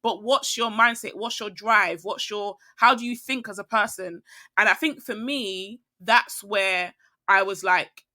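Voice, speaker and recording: Speaking at a measured pace in a bright, forceful mid-range voice, a woman appears as a podcast guest. She chats casually and candidly, reflecting as she rambles, with frequent fillers and false starts.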